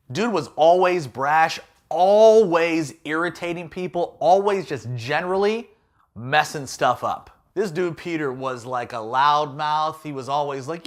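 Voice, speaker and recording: A man's voice: fairly high pitch, lively intonation, a little slow. A man giving a playful, jokey youth talk as a youth pastor.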